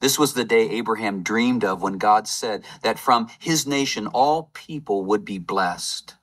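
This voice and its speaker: A man preaching a Palm Sunday sermon, retelling scripture as a lively story with playful game-show asides. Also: on the low side, unhurried. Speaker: lay preacher.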